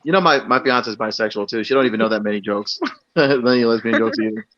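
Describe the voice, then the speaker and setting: A man's voice: lowish voice, fast, a bit bright, dull audio. Crude joke-telling young man. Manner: crude joke teller, acts out characters. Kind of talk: joke telling on a live stream.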